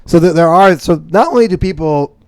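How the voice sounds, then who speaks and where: A man's voice: high-pitched, expressive, brisk, darkish tone, dry recording. A young man from the upper Midwest co-hosting a podcast, rambling in a mock-serious, swearing comedic chat. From upper Midwest of the United States. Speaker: podcast co-host.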